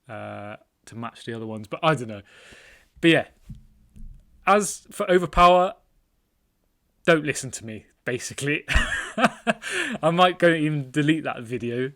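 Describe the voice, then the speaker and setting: A man's voice: medium pitch, moderate pace, pauses often, a bit bright. A man hosting his own channel, answering viewer comments in a casual, self-deprecating chat and laughing often. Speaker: trading card collector channel host.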